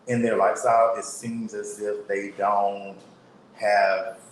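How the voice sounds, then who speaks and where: A male guest speaks candidly and tells his story at a measured pace. His voice sits on the low side and carries a roomy echo, with faint hiss beneath it. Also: flat delivery. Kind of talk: casual chat.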